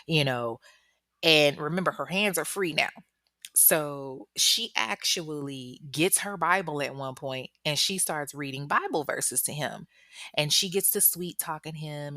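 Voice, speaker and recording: A woman with a low voice recounts a true crime story in loose, profane slang, jumping into animated asides. The sound is dry and close, with no room echo. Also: unhurried. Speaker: true crime podcast host.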